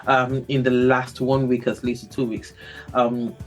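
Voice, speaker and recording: A woman hosting a casual podcast chat, animated and quick to laugh, often repeating her words. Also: rumbling low, faint music behind. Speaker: podcast host.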